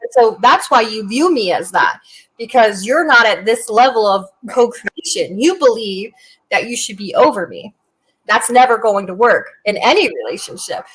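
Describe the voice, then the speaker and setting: A woman with a fairly high voice chats on a podcast in a blunt, animated way. She is a military veteran, and her stories are full of Southern slang. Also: normal speed, husky, low-quality recording. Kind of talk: casual podcast chat.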